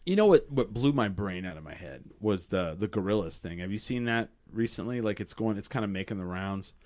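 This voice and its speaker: A man's voice: on the low side, a little fast. Swearing man telling a story. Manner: profane, animated storytelling acting out quotes. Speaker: podcast host. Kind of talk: casual chat.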